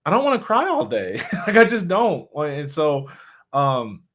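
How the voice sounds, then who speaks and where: A man who is a motivational speaker, talking candidly in a reflective, halting way, often restarting his sentences. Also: on the high side, huge pitch swings. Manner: candid, halting, with many restarts and soft laughs. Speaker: motivational speaker and suicide survivor. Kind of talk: personal reflective talk.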